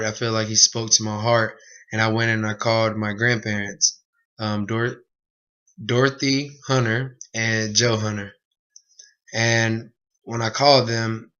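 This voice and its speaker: Flat-voiced young man giving a testimony. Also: lowish voice, clear, resonant tone. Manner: earnest, plain retelling with many asides. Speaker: speaker giving a personal testimony. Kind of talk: personal testimony speech. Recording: dull lo-fi recording.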